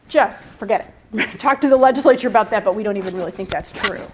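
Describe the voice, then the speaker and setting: A woman's voice: a little high, brisk, slight background noise, rough recording. A woman in her fifties, a law professor giving a classroom lecture. She questions the class and thinks aloud, with restarts.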